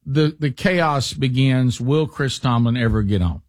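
A man's voice: medium pitch, measured pace, dry recording, studio quality. A man hosting a radio show, telling a story in casual banter and acting out quotes with teasing humor.

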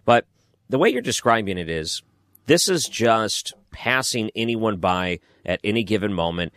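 A man with a very deep voice interviews a guest and reflects on what he hears. He speaks in an even conversational way. The sound is dry and close. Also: normal speed, dry recording. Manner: responds with short reactions and reflective comments. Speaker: host.

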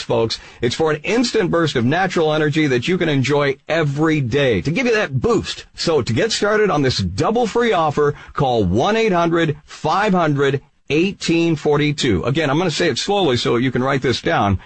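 A man hosting a radio infomercial, a lively, hard-selling announcer reading out offers. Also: a little high, husky. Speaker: radio show host. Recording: phone-line quality radio audio.

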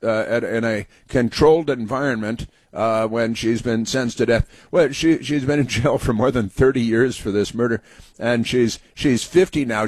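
A man hosting a talk show, delivering a sarcastic political commentary monologue, halting often with fillers and restarts. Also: mid-range voice, a little mellow, no echo.

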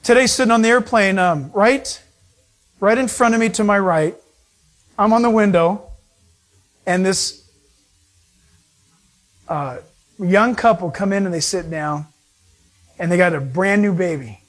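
Male pastor, higher register, animated storyteller who mimics voices while preaching. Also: measured pace, pauses often. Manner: animated storytelling, acts out voices of people he met. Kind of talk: sermon.

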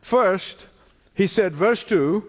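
A male pastor delivers a slow, emphatic sermon in a high, animated voice that climbs and dips through each phrase. He repeats key lines, calls his listeners beloved and drops in short laughs. His voice rings out in a long hall reverb. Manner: emphatic preaching with sudden loud peaks and short laughs.

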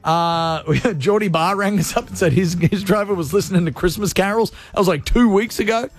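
High-voiced radio host, cheeky. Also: male voice, fairly quick, soft background music. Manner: loose, laughing, cheeky banter. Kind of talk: casual talk radio.

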